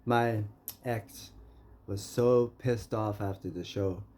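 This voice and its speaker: A man's voice: on the low side, slow, a little mellow. A man from Canada in a rambling, confrontational monologue, talking straight at someone he keeps calling friend. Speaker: vlogger. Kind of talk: ranting monologue.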